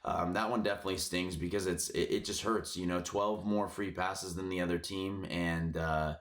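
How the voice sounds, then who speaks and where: A man hosting a sports betting picks channel, ranting casually with lots of cursing, filler words and frustration, a bit hoarse from yelling. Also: deep voice, steady tone, moderate pace.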